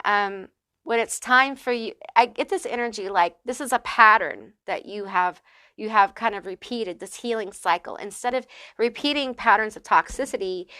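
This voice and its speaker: A woman's voice: mid-range voice, pushed and bright, clear, resonant tone, dry recording. A woman giving a casual pick-a-card tarot reading, chatty and emphatic, with frequent fillers. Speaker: tarot reader.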